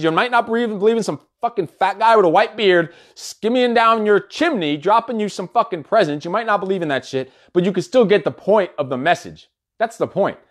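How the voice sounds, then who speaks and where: Brief: young male coach, slightly high voice, blunt and profane, spikes into loud emphatic bursts. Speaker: business and fitness coach. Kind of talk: profane motivational monologue.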